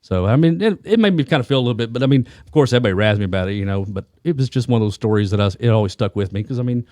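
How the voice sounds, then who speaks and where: A man's voice: mid-range voice, animated, very fast, darkish tone, no echo, studio quality. A man co-hosting a podcast, telling a rambling anecdote full of restarts and asides in casual chat. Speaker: police detective and co-host.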